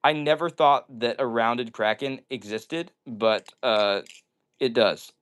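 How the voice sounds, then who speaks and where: Slow and smooth, a man with a medium-pitched, fairly bright voice hosts a casual indoor livestream. He reads viewer comments aloud and jokes around as he chats.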